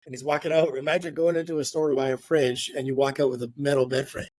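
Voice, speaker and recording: Middle-aged man, casual storyteller on a podcast; mid-pitched, rambling, filler-heavy, a bit of swearing, dry close sound. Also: flat delivery, fast, darkish tone, no echo. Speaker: real estate agent guest.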